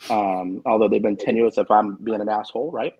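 Gravelly husky guy in his 40s, swears a lot, blunt and fired up, casual group chat. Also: fairly low pitch, steady tone, brisk, highs cut off. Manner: candid and profane, emphatic. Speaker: guest author.

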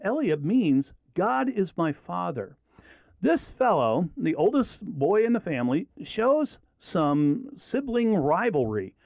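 A man leads a Bible lesson as an animated storyteller, his slightly high voice swooping up and down as he drives his points home. The sound is dry and close, with no room echo. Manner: animated storyteller who acts out quoted lines. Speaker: Bible teacher.

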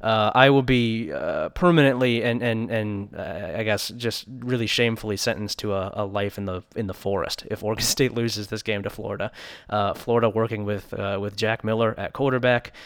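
A man's voice: on the low side, normal speed, clean tone, no echo, studio quality. A man co-hosting a sports podcast, chatting casually and joking, with many restarts. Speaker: podcast co-host.

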